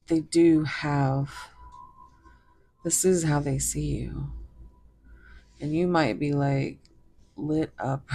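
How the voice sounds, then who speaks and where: A woman's voice: deep voice, a little mellow, breathy edge. A woman giving a casual tarot reading to viewers, rambling and giggling as she talks to them directly. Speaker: tarot reader.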